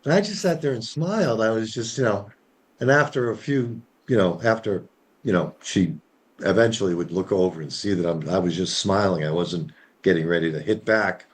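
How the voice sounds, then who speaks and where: A man's voice: fairly low pitch, normal speed. A man sharing a personal story in a casual group talk, rambling with many fillers. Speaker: discussion participant.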